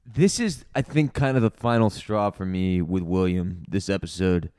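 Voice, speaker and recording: A man's voice: sits low, normal speed, mellow, clear, resonant tone, dry recording, clean studio sound. A man co-hosting a podcast, giving blunt, opinionated takes in casual chat. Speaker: podcast co-host.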